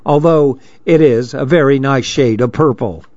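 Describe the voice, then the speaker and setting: A man voicing a very polite, soft-spoken young man who talks formally and quietly. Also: mid-range voice, moderate pace, no echo, lightly acted. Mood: courteous. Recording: dry, dull lo-fi recording.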